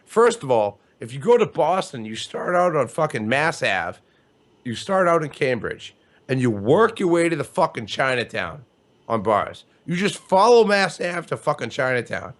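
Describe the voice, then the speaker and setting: A man co-hosting a podcast in casual chat, excitable and swearing constantly. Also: medium pitch, normal speed. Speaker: podcast co-host.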